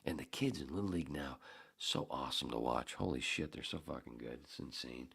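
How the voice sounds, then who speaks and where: A very deep, gravelly male voice from a man in his fifties hosting a podcast. He tells his stories in a loose, profane and worked-up way, with his pitch swinging up and down a lot. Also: brisk. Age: 50s. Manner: profane, heated, animated storyteller. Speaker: podcast host. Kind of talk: casual storytelling monologue.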